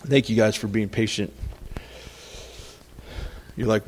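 A man's voice: fairly even intonation, unhurried, long pauses. A man preaching a conversational sermon, reading scripture aloud and acting out the people in the story. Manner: conversational preaching, acts out quotes, rises in pitch when emphatic. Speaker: pastor.

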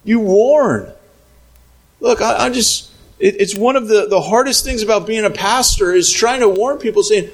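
A man preaching a sermon as a pastor, lively and conversational, acting out little scenes and sometimes shouting. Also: high-pitched, normal speed, rough recording.

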